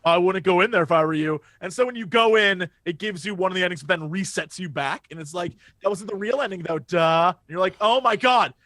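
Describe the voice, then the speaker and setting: A man in casual podcast chat, his voice sitting high for a man as he tells a story. He gets worked up and swears often. The sound is dry and close, with no room echo. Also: fast, hardly any pauses. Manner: excitable storyteller, swears freely. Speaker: podcast co-host.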